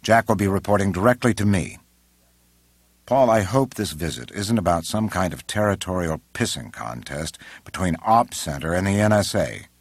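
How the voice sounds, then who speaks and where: A man's voice: sits low, lively intonation, moderate pace, no echo. A man doing a brusque older president. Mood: irritated. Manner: brusque, raised voice, exasperated. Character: irritable older male president, commanding.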